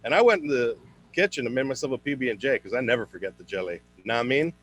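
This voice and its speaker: A young man performing a stand-up comedy set for an online show, switching into high put-on voices for his characters. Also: expressive, very fast, fairly bright tone.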